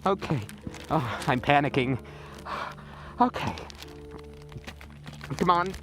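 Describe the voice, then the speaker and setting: A man's voice: animated, slow, pauses often, music in the background. A young man vlogging in the snowy woods at night into his phone, rambling in a mock-dramatic way. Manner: rambling, mock-dramatic, wildly swinging pitch. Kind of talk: comedic outdoor vlog. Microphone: phone camera.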